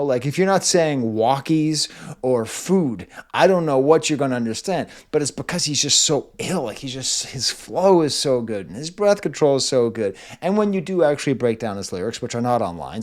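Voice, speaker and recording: An American man hosting a music review show, talking in an animated, digressive, lecturing way. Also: on the high side. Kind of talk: casual spoken music commentary.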